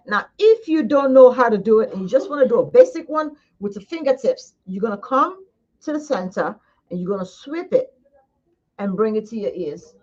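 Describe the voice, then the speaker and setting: A woman esthetician giving a casual live demonstration, chatty and coaxing, talking straight to her viewers. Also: mid-range voice. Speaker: esthetician demonstrating face massage. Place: skincare studio. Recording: slightly dull lo-fi sound.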